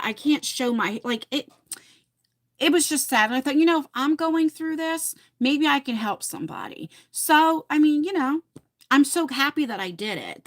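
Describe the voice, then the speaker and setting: A woman's voice: on the high side, fairly bright tone. A middle-aged woman from New Jersey hosting a livestream, chatting casually and reading out viewer comments, rambling with lots of fillers and restarts. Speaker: livestream host.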